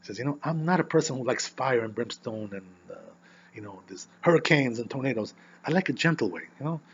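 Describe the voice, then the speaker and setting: A man who is a rabbi teaching an informal Torah class, animated and constantly checking in with "you know" and "right?". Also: mid-range voice, fast talker, highs cut off, a little hiss or hum.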